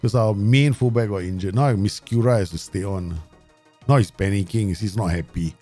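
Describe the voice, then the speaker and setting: A man hosting his gaming channel, giving live commentary and talking to himself and the viewers in an excitable way. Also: fairly low pitch, normal speed, breathy edge, faint music behind. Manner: excitable, talks to himself and the viewers, frequent laughs.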